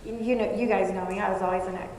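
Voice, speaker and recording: A woman's voice: mid-range voice, steady tone, rapid-fire. Woman, chatty self-mocking storyteller, live event in an echoey hall. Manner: chatty, self-mocking, laughs while telling. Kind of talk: personal storytelling talk. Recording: echoey hall with faint noise.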